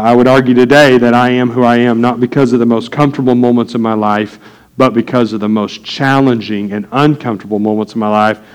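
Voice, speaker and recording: A man preaching a sermon as pastor, earnest and building to loud, excited preaching. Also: medium pitch, rough recording.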